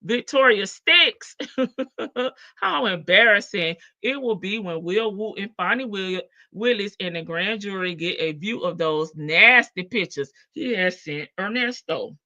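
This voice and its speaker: A woman's voice: mid-range voice, measured pace, bright, forceful tone, dry recording. A woman hosting a casual livestream, reading chat comments aloud in a sassy, teasing way and laughing often. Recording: dull lo-fi stream audio.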